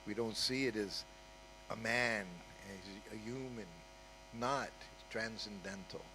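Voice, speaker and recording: A man's voice: on the low side, steady tone, slow, background noise. An older man giving an informal storytelling talk at a temple, conversational and full of asides. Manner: conversational, with frequent "you know" and "huh?" asides. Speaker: guest speaker at a temple.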